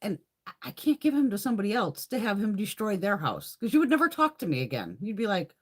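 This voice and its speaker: A woman's voice: mid-range voice, sing-song, fast talker, husky. A middle-aged woman chatting casually on a live stream, telling stories with lots of swearing and frequent laughter. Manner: profane, storytelling, laughs often. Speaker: beauty vlogger hosting a live chat.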